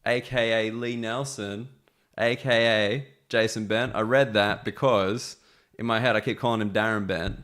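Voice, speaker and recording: A man's voice: on the low side, steady tone, normal speed, a bit bright. Upbeat laughing male podcast host. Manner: upbeat, laughs often, teasing. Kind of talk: casual podcast chat.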